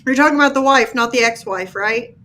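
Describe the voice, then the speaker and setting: A woman on a casual panel chat who talks agreeably and checks in with quick confirmations. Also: a little high, sharp tone.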